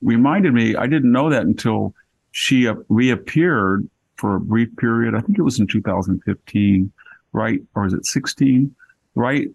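A man's voice: mid-range voice, a little slow, vocal fry, husky, dry recording, low-quality recording. An older man hosting a podcast, chatting casually and telling anecdotes with plenty of asides. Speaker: podcast host. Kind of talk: casual chat.

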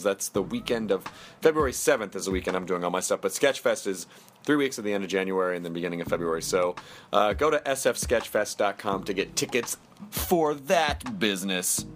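There's a little hiss or hum behind this deep-voiced man in his thirties. Hosting a podcast from a New York studio, he mixes casual conversation with ad reads delivered in a jokey, meandering style.

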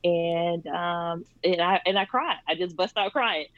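A woman with a somewhat low voice tells her story in an easygoing, conversational way. She laughs often and fills pauses with "um". The sound is dry and a little muffled. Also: dry recording. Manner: warm, laughs often, many fillers. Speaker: charity founder, guest.

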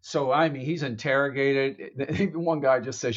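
A man pitching his own screenplay in casual chat, animated and laughing often as he acts out the dialogue. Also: moderate pace, dull audio.

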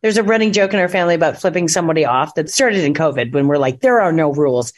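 A woman's voice: deep voice, animated, fast talker. Chatty woman on a call, tells stories and does little voices for quotes. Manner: chatty storyteller, acts out quotes. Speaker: actress, interview guest. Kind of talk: casual chat. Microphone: phone call.

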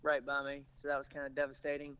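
A man's voice: medium pitch, monotone, fast, sharp tone, clean tone, highs cut off. A man, a race driver guest telling stories in a laid-back, casual way. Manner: laid-back storytelling with laughs. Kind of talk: casual interview chat.

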